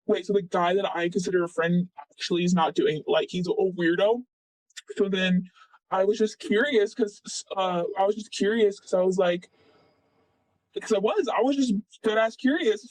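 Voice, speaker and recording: This late-teen interviewee has a high-pitched voice with a darkish tone, caught on a dry recording with poor audio. He casually retells a personal story, wandering through it and filling gaps with plenty of "like" and "blah blah."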